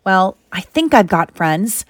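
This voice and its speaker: A woman's voice: medium pitch, very animated, takes it slowly, no echo, clean studio sound. A woman voicing a young boy wizard, frustrated and defiant, in a storybook read-aloud. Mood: earnest, upset.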